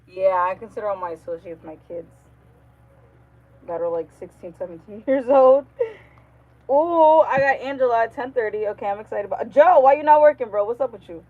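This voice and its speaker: A woman on a casual live stream, animated and slangy, laughing often and acting out what her coworkers said. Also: mid-range voice, brisk, narrow, tinny audio. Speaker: livestream host. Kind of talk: casual storytelling chat.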